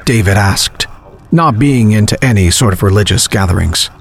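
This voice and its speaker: A man narrating a horror story in a measured, grim storytelling manner. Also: lowish voice, lively intonation, vocal fry.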